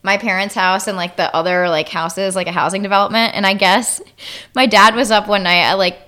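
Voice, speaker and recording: Woman, studio guest, medium pitch, chatty, filler-heavy casual storytelling. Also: fairly even intonation, fairly quick, bright, forceful tone.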